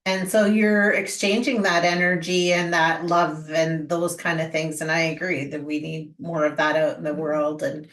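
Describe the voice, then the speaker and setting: A woman's voice: low voice, little pitch movement, moderate pace, few pauses, a bit bright. A woman hosting a podcast, talking in an agreeable, reflective way. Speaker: podcast host. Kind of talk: conversational podcast interview. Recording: echoey room.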